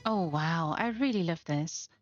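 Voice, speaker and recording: Slow, gushing woman touring game homes. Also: on the low side, expressive. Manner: gushing, affectionate, admiring. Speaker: game housing showcase host. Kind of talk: gameplay tour voice-over. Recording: slightly muffled, faint music behind.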